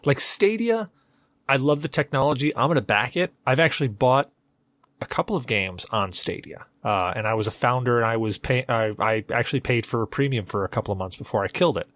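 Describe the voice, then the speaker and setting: A man's voice: mid-range voice, a little fast, fairly bright tone, no room sound. A man co-hosting a casual gaming podcast, arguing his point step by step. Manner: argumentative, explaining step by step. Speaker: podcast co-host. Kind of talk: casual chat.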